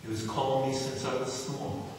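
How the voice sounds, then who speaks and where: A man's voice: medium pitch, flat delivery, moderate pace, a little mellow, a little hiss or hum. A man from New Jersey preaching a sermon as pastor, talking conversationally and acting out quotes. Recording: echoey hall, distant mic.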